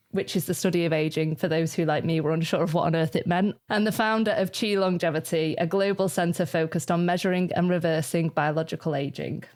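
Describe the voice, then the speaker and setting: A woman's voice: fairly low pitch, darkish tone. A young woman co-hosting a podcast in casual, teasing banter, laughing often. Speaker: podcast co-host.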